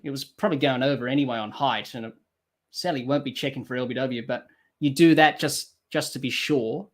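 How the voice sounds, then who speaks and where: A man doing live cricket commentary for a podcast, rising excitedly on the play and dropping quiet to read viewer comments. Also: brisk. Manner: lifts pitch and volume for the action, drops low to read comments and chat.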